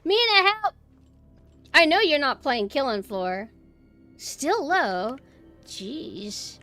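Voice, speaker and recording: Bright-voiced woman streamer chatting with chat. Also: high voice, big pitch swings, slow, faint music behind. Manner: swings between quiet murmuring and loud exclaiming; chatty, talks to chat directly. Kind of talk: casual gameplay livestream chat.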